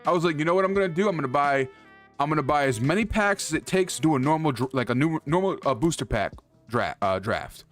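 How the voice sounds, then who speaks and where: Talking fast from his indoor streaming setup, a man rants to his chat about card prices, cursing constantly, his voice a little higher than most men's. As he gets heated his pitch swings widely and he repeats himself mid-sentence, with faint music underneath.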